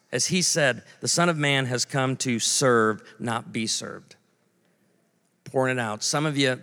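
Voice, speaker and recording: A pastor in his forties preaches a sermon, telling stories with comic voices and making asides to the audience. His voice is medium-pitched and a bit bright, and long hall reverb fills the recording.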